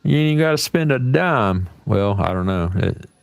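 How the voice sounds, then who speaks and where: A fairly low-pitched American man chats casually as the host of a livestream. His talk is folksy and salty, and it rambles from one point to the next. The sound is dry and close, with no room echo. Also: expressive, moderate pace, vocal fry, smooth. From United States.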